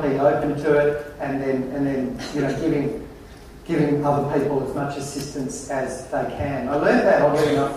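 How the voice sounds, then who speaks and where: Brief: male keynote speaker, slightly high voice, wry and animated storyteller, far from the mic in a very echoey hall with a faint hum. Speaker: conference presenter. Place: large conference hall.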